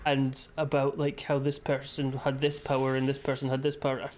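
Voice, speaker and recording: A man's voice: mid-range voice, completely flat delivery, a little fast, darkish tone, a little hiss or hum. A man streaming a game live and chatting casually, with rambling, sweary asides.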